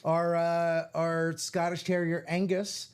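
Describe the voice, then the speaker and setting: A man co-hosting a live card break stream, easygoing and a little halting, with dry jokes. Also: fairly high pitch, monotone, smooth. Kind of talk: casual chat on a live stream.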